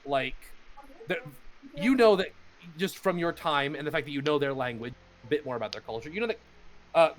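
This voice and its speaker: A man narrating a tabletop game as game master, halting speech with many fillers and restarts. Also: on the high side, a bit bright.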